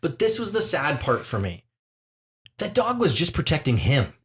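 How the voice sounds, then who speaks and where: A man's voice: a little high, moderate pace. Man telling a rambling story. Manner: rambling, animated storyteller who acts out voices. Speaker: podcast co-host. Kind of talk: casual storytelling chat.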